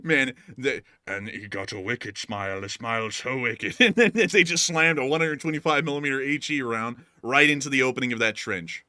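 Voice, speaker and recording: A man's voice: mid-range voice, moderate pace, few pauses, pushed and bright, dry recording, studio quality. A man hosting a casual war news show, rambling and joking with many fillers. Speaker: host.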